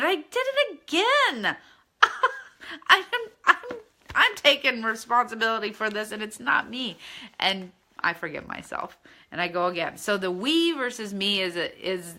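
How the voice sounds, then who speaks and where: A woman with a sharp-toned, mid-range voice runs a spiritual course. Her teaching is casual, earnest, and conversational, and she often checks in with the people listening.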